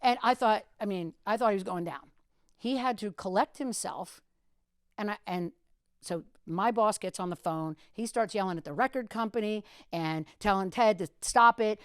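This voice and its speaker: A woman in her fifties, a radio host on a podcast, telling stories with big, lively swings into a high voice when she quotes people. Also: moderate pace, dry recording, clean studio sound. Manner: animated storyteller, acts out quotes in a high voice. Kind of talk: casual storytelling chat.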